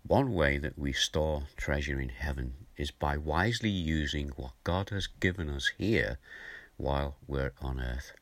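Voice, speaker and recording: An older male preacher with a very deep voice talks through a morning devotional in a gentle, conversational way. He explains scripture in plain terms. The sound is dry and close, with no room echo. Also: expressive, measured pace. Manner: gentle, conversational, chuckles now and then.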